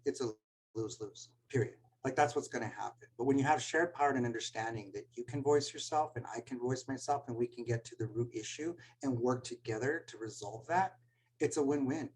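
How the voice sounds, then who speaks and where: A man's voice: medium pitch, a little mellow, poor audio. A man, a school administrator, speaking earnestly in a webinar talk and telling stories about students. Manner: earnest storytelling, gets choked up.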